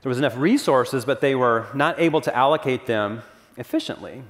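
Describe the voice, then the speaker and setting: In a church sanctuary, a pastor with a mid-range voice preaches a sermon at a brisk pace, earnest and conversational, tossing casual asides to the congregation. The recording carries the long reverb of a church hall.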